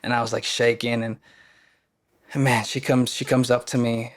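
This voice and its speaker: A man as a podcast guest, telling a personal story in a casual, earnest way, halting often and restarting his sentences. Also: mid-range voice, flat delivery.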